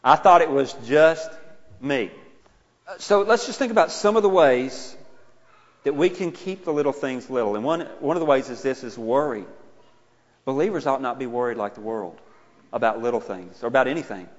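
A middle-aged man preaching a sermon in a conversational, self-deprecating way, rising to loud exclaiming. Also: medium pitch, lively intonation, normal speed. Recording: muffled, with a long hall reverb.

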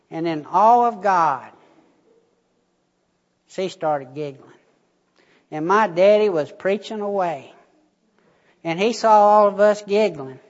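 Slow pastor in a reverberant church. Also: male voice, high voice. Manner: folksy storytelling, addresses congregation. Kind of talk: sermon. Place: church sanctuary. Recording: muffled sound, long church reverb.

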